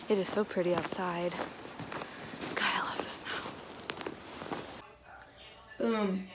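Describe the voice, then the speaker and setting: A woman's voice: medium pitch, fairly even intonation, a little slow, noisy background. A young woman talking frankly and with exasperated self-mockery in a casual daily vlog, filmed on her phone while out and about. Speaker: vlogger. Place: outdoors and on the go.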